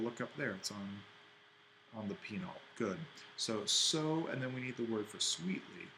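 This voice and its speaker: A man with a fairly low voice teaches a worked exercise in ancient Greek, thinking aloud and correcting himself as he writes. The background is noisy.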